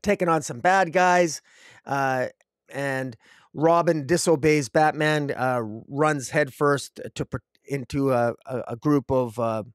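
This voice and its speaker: A man's voice: mid-range voice, dry recording, studio quality. A man reviewing comic books alone, rambling with many fillers and restarts. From Canada. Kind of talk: casual solo review.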